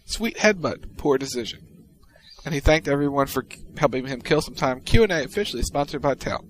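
A man co-hosting a podcast, reading out tweets in casual chat with a wry, deadpan delivery. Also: on the high side, brisk, rough recording. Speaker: podcast co-host.

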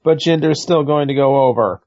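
A man's voice: on the high side, moderate pace, darkish tone, no echo, highs cut off. A man in a casual wrestling chat, blunt and mocking.

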